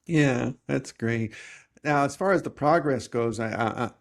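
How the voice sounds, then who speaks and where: Measured man explaining tax matters. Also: mid-range voice, creaky. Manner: measured, explanatory, with frequent restarts. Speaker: tax resolution agent and podcast host. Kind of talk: conversational podcast interview.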